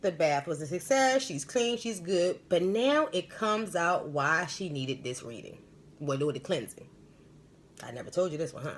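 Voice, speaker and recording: A woman's voice: lowish voice, sing-song, moderate pace. A woman hosting a live stream as a spiritual medium, telling stories and giving advice in a rambling, emphatic, slangy way.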